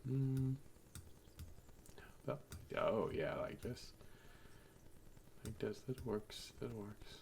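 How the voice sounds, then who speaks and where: A man's voice: mid-range voice, drawn-out words, creaky, pauses often, darkish tone, slight background noise. A man streaming while he draws a map, thinking aloud, muttering to himself and making dry asides to his chat over a desk microphone.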